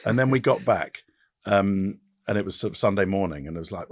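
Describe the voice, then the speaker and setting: Low-voiced animated man. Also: no echo. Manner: animated, quick restarts and repetitions. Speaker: podcast guest. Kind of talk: casual interview chat.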